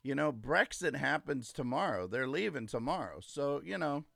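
A man's voice: mid-range voice, lively intonation, normal speed, vocal fry, a bit bright, no room sound, studio quality. A man hosting a casual livestream, ranting emphatically and gloating, repeating his points. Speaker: livestream host. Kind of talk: casual political livestream rant.

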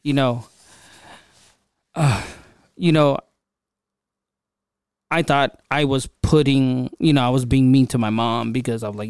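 A man's voice: mid-range voice, steady tone, measured pace, long pauses, a little mellow, clear, resonant tone, no room sound, studio quality. A young man hosting a podcast, telling a personal story in a casual, conversational way with lots of fillers and asides. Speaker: podcast host.

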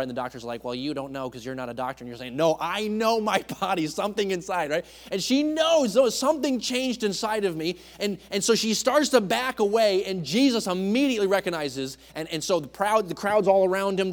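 Preaching as a guest speaker, a man with a fairly high voice moves between hushed, tender passages and loud, emphatic ones. He frequently restarts his sentences and stumbles over words.

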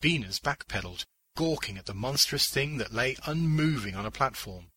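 A man reads fiction aloud in a measured, deliberate way, with a husky voice and a strikingly bright tone. His delivery is slow and low-pitched. The sound is dry and close to the mic. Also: lively intonation, no room sound, low-quality recording. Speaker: narrator. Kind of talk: scripted audiobook narration of fiction.

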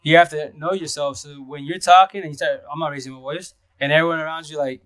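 A man hosting a casual live stream, talking fast and rambling, with restarts and repeated words. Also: on the high side, steady tone, fairly bright tone, dry recording. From Seattle area. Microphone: phone.

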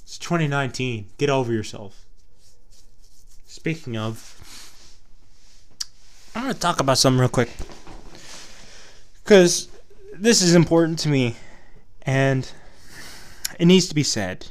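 A man's voice: mid-range voice, expressive, measured pace, pauses often. A young man from Texas with a Texas twang, chatting to his viewers in a loose, rambling, profane way. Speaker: vlogger. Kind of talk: casual rambling chat to camera.

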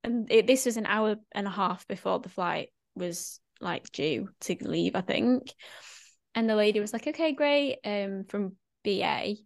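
Woman, casual podcast chat, lively storytelling, dry close sound. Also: medium pitch, normal speed, vocal fry, no echo. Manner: animated storyteller, acts out quoted voices. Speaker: podcast guest.

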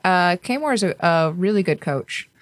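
A woman's voice: lowish voice, expressive, moderate pace, no echo, studio quality. A woman playing in a tabletop game, playful and teasing as she talks in character. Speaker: player. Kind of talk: casual tabletop play.

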